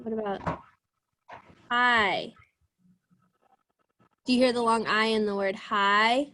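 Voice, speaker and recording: A young woman teaching a young class over a video call, drawing out sounds slowly and encouraging the children. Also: on the high side, fairly even intonation, a bit bright, a little hiss or hum. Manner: slow, encouraging, drawn-out sounds. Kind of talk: online class lesson.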